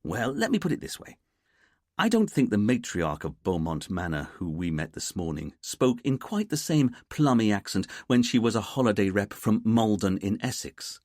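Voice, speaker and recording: A man's voice: on the low side, sing-song, moderate pace, darkish tone, no echo, clean studio sound. A man doing a fussy inspector. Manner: formal, precise, easily irked. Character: stiff, fussy English detective inspector.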